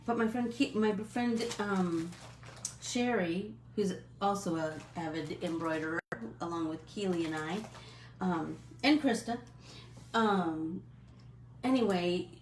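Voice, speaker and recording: A middle-aged woman hosting a casual live stream, chatting in a friendly, rambling way with many fillers and quick apologies. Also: lowish voice, reverberant, a little hiss or hum.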